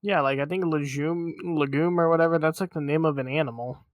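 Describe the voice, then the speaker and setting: A man's voice: a little high, fairly quick, dry recording. Laid-back, terse male co-host, dry sound. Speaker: podcast co-host. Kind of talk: casual chat.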